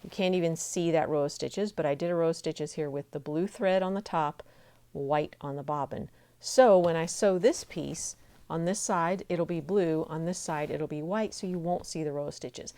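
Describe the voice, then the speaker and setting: In a low, dark voice at a moderate pace, a middle-aged woman leads a sewing lesson. Friendly and encouraging, she keeps talking as she works through every step on her machine.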